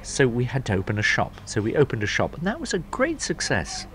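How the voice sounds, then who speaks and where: A middle-aged man, a smokery owner, telling his story in a lively, chatty way. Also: mid-range voice, a little fast. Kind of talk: anecdotal storytelling.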